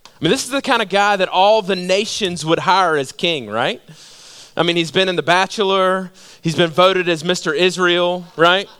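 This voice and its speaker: A male pastor preaching a sermon, telling stories in an animated way and asking many rhetorical questions. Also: sits high, moderate pace, clear, resonant tone.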